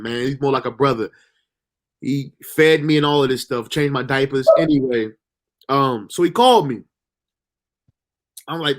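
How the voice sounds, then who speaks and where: A man telling a personal story, emotional and halting, with pauses and restarts. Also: a little high. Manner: halting, full of fillers and restarts. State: emotional, near tears.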